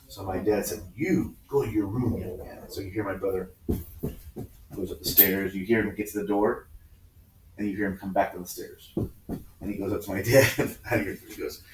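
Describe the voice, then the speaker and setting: A lower-voiced male teacher in his fifties spins animated stories for his class, jumping into squeaky voices for the people in them. He sounds far from the mic in an echoey classroom, with a faint hiss underneath. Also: normal speed, long pauses. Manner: animated, acts out family voices with high-pitched quotes. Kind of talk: casual classroom storytelling.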